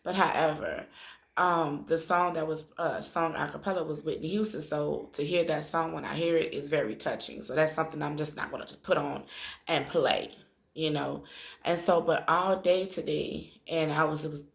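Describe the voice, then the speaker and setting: A woman in her thirties telling a personal story to her viewers in an emotional, chatty way, tearful after crying, with many pauses. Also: low-pitched, steady tone, creaky. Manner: conversational, addresses viewers directly, drawn-out filler pauses. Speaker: spiritual vlogger. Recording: echoey room.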